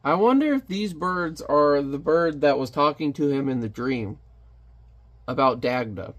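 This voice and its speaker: A man's voice: a little high, animated, unhurried. A man casually reviewing a comic, chatty and joking as he narrates the panels. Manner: chatty, jokey asides.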